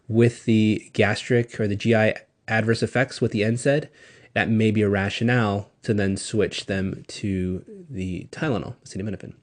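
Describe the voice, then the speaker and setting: A man's voice: medium pitch, darkish tone. Casual rambling male lecturer. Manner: casual, rambling, many fillers and self-interruptions. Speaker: pharmacology lecturer. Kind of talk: recorded classroom lecture.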